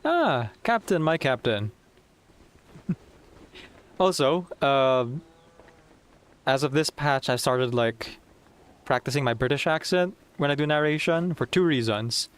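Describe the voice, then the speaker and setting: A man chatting casually while playing through a game story, excitable and rambling with frequent giggles. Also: medium pitch, measured pace, pauses often, smooth. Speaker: game streamer. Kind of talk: casual gameplay commentary.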